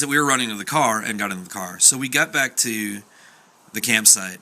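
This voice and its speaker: A man's voice: on the low side, normal speed, bright, forceful tone. A young man casually telling a true story, chatty, with fillers and acted-out quotes.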